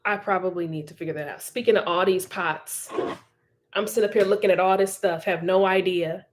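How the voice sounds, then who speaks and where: A woman's voice: fairly low pitch, fairly even intonation, brisk, noisy background. A woman hosting a casual livestream, reading viewer comments in a chatty, encouraging way and laughing often. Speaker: livestream host.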